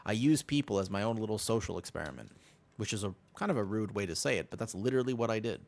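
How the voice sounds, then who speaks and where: A young man chatting casually on a gaming stream, drifting between a personal story and the game. He rambles, restarts and repeats lines. His voice swings widely in pitch from low mutters to high bursts. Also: animated, quick pace, gravelly. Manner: rambling, self-interrupting storyteller, repeats himself.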